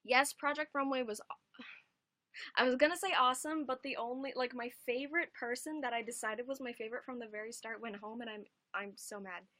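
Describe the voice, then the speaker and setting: A woman's voice: on the high side, steady tone, brisk, a bit bright, dry recording. A young adult woman chatting casually on a home livestream, rambling and swearing casually.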